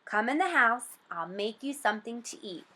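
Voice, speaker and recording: A woman reading the part of a kind father in a storybook, gentle and reassuring. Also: a little high, animated, moderate pace. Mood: relieved.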